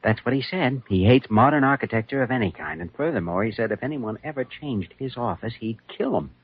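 An actor playing a young doctor with a dry, teasing delivery, in 1940s radio acting style. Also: male voice, mid-range voice, lively intonation, brisk, husky. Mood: wry. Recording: old lo-fi radio recording with faint hiss.

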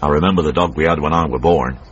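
An actor with a Northern English accent playing a cantankerous, grumbling old uncle in a radio drama. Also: male voice, extremely low pitch, fast. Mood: reminiscing. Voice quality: husky, grumbling. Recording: muffled radio broadcast.

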